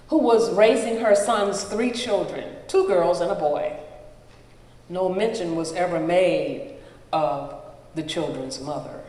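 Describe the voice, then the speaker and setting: A storyteller giving a live reading of a personal memoir in a slow, measured way, pausing between phrases. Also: mid-range voice. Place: event hall at a live gathering. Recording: roomy hall with long reverb.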